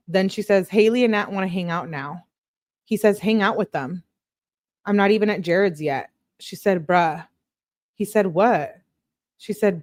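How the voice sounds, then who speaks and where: This woman hosts a true crime channel, her mid-range voice captured on a dry close mic with no room sound. She reads text messages aloud in chatty, sarcastic commentary, often laughing and giving quotes a flat delivery.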